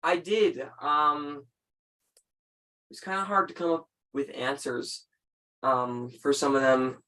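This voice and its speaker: A teenage young man from Canada, speaking on a video call in a hesitant, halting way with many fillers. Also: mid-range voice, fairly even intonation, bright, forceful tone. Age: teens. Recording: distant mic on a video call.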